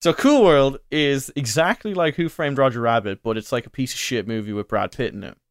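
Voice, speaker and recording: A man's voice: medium pitch, fairly quick, smooth, no room sound. A man rambles through a long story on a casual podcast, full of fillers and restarts. His voice sits in a middle register. The sound is dry and close, with no room around it. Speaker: podcast co-host. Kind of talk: casual chat.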